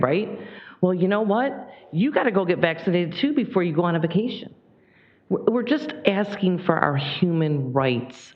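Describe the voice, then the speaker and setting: A woman from Michigan giving an impassioned public comment at a county board meeting, near tears and shifting between rushing and slow emphasis. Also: on the low side, lo-fi sound.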